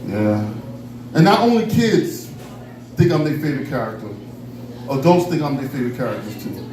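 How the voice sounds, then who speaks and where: A man's voice: medium pitch, very animated, moderate pace. A man performing a playful, loose stand-up routine, often dropping into character voices. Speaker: stand-up comedian. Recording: roomy, from far off, noisy.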